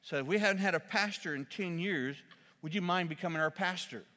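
A man with a high, bright, ringing voice delivers a sermon from the pulpit of a church. He tells stories with humor and breaks into loud, shouted quotations. The sound carries a long hall reverb. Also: brisk. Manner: storytelling with shouted acted quotes and humor. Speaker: pastor.

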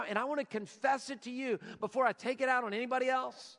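A man in his forties preaching a sermon as a pastor, moving between loud emphasis and hushed, prayerful passages. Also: very high-pitched, steady tone, fast, few pauses, long reverb tail.

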